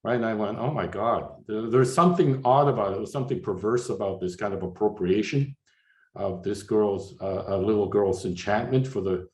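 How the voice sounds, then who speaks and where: Halting older man lecturing in an echoey hall. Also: lowish voice. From Canada. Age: 60s. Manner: halting, many fillers and restarts. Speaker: artist giving a slide lecture. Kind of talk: informal lecture with slides.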